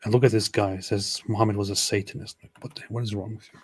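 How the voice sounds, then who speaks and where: A man's voice: fairly low pitch, steady tone, fast talker, slightly rough. A man co-hosting a live stream, reading viewer comments aloud and laughing at them in casual chat.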